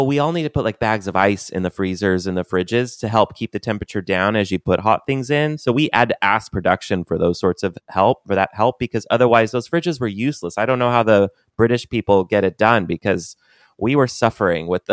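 A male podcast co-host talks in a relaxed, chatty way. His voice is low and smooth, recorded with a dry, close sound. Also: fairly quick, dry recording. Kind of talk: casual chat.

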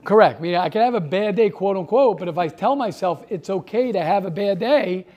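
High-voiced man teaching, full of rhetorical questions. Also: expressive, fairly quick, highs cut off. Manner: rhetorical questions, repeats himself, grows heated. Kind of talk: classroom talk with students.

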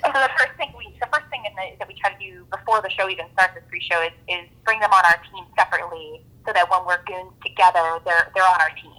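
Woman performer telling stories in an interview, bright sharp voice, super animated. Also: fairly low pitch, fast talker, few pauses, low-quality recording. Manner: animated, acts out quotes, laughs often. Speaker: comedy performer. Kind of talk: casual interview chat.

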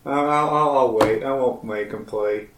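A man's voice: medium pitch, normal speed, distant mic, background noise. A man plays in character at a tabletop game, hesitant and rambling. He sits back from the mic, and the room adds a noticeable echo. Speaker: player. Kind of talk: in-character tabletop role-play.

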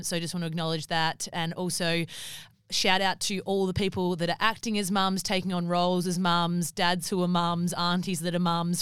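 Young woman, smooth clear voice, dry close sound, casual podcast chat. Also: lowish voice, fairly bright tone, no echo. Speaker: podcast co-host.

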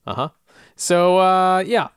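A man's voice: sits high, slow pace, a bit bright, clear, resonant tone, no echo, clean studio sound. A man co-hosting a podcast, recapping TV episodes in casual chat and joking as he slips into character voices. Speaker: podcast co-host.

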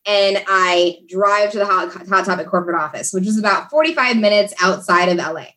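A woman telling a story in a chatty, animated way, as a guest in a conversation. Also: medium pitch, brisk. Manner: animated, chatty, many fillers. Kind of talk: casual storytelling.

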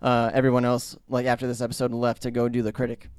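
A man co-hosting a casual chat, hesitant and full of pauses and fillers. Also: medium pitch, monotone, darkish tone, smooth, no room sound, clean studio sound.

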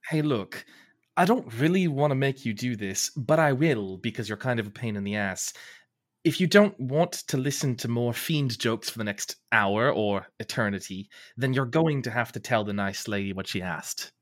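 Wry, animated male player. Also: mid-range voice, normal speed. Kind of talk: casual tabletop game chat.

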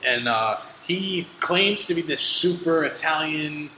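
A young man hosting a casual chat, telling animated stories with plenty of swearing. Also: on the high side, unhurried. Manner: animated storytelling, heavy swearing. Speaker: podcast host. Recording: echoey room, faint noise.

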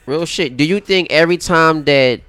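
Animated joking man podcast co-host. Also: a little high, moderate pace, clear, resonant tone, dry recording, faint music behind. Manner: animated, interrupting, profane, joking. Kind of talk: casual chat.

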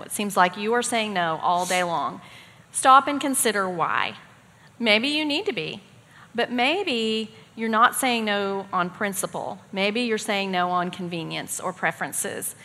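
A middle-aged woman co-teaching a parenting class at a church, giving practical advice in a steady, calm way. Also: mid-range voice, measured pace. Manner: steady, practical, gives examples. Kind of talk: calm instructional talk. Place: church hall. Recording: long hall reverb.

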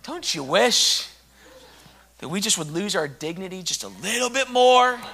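A man preaching a sermon with passion, swinging from hushed, intimate lines to loud shouting. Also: high voice, lively intonation, a little slow, gravelly.

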